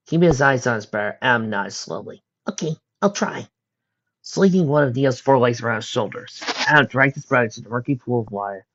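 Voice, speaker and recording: A man's voice: medium pitch, fast, hardly any pauses, fairly bright tone. A man reading fan fiction aloud in a plain manner, with some slips. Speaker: audiobook reader. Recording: dull lo-fi recording.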